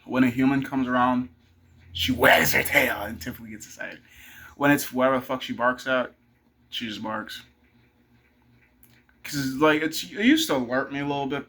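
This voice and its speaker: A man's voice: mid-range voice, pushed and bright. A young man rambling casually to camera, swearing freely and talking to his dog between thoughts. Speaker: vlogger.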